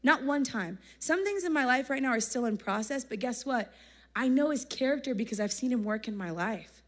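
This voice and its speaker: A young woman giving a casual, energetic sermon at a youth conference, chatty and slangy, often laughing. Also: a little high, moderate pace. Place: church conference hall, live audience.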